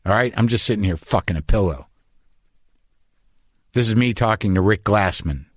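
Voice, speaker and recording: A middle-aged man hosting a podcast, delivering an anxious, rambling, profane comic monologue in a deadpan way before chatting with a guest in his home studio. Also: on the low side, normal speed, a little hiss or hum. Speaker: podcast host.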